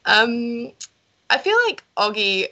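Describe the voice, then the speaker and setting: A woman's voice: on the high side, big pitch swings, slow pace, bright, forceful tone, muffled recording. A woman chatting casually on a tabletop gaming stream, enthusiastic and self-mocking, with some swearing. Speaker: tabletop game player.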